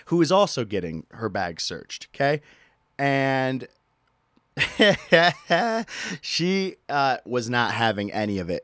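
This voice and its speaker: A man hosting a podcast, telling a story casually, animated and profane with laughing asides. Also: medium pitch, no room sound, studio quality. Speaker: podcast host.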